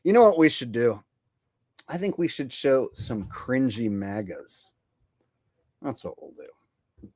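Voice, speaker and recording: A man's voice: medium pitch, very animated, takes it slowly, long pauses, mellow, no room sound, clean studio sound. A man hosting a livestream, crude and joking, laughing between remarks. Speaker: livestream host. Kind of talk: casual commentary.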